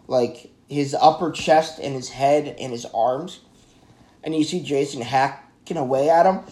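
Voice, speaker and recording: A man reviewing a horror film in a casual, excitable, rambling way, often stumbling over his words and correcting himself. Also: medium pitch.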